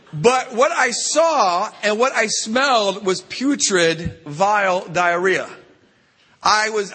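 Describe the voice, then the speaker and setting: In a long, reverberant hall, a man at a retreat tells a funny story marked by lots of stammered restarts. His voice is high-pitched, sharp in tone and slightly rough.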